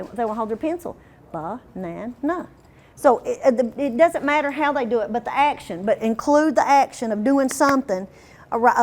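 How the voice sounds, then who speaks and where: A woman leads a teacher training workshop. She quizzes the room and stretches demo words out slowly. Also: sits high.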